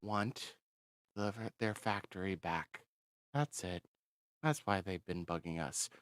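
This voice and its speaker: A man's voice: deep voice, slow, fairly bright tone, clear, resonant tone, no room sound, pitched below the performer's own voice. A man voicing a hesitant male army major who reports to his superior in a placating way.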